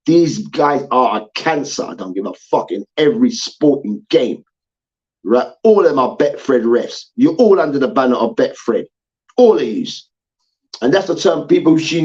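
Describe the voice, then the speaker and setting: A man's voice: on the high side, darkish tone. Ranting man on a lo-fi recording. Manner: swearing, repetitive, mocking chants. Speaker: sports debate show host. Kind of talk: heated sports rant.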